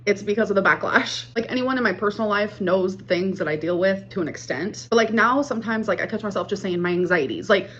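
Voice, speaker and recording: A woman's voice: mid-range voice, lively intonation, a bit bright, dull audio, slight background noise. A woman vlogger chatting casually and breezily to her viewers. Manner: breezy, rapid talk to viewers. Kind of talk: casual vlog chat.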